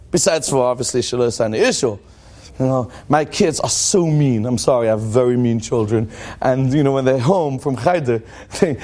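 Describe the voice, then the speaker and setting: A rabbi giving a lively, joking religious talk to a live audience, questioning them and acting out what people say. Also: male voice, high-pitched. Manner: animated and joking, acts out quoted thoughts in a dramatic voice.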